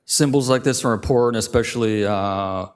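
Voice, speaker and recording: A man's voice: on the low side, moderate pace, clean tone. A man giving a blunt, firm public comment at a council meeting.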